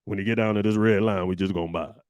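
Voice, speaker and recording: A man voicing laid-back wealthy male market insiders with a slow, offhand, low drawl. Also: steady tone, darkish tone, clear, resonant tone, dry recording, close to an everyday voice.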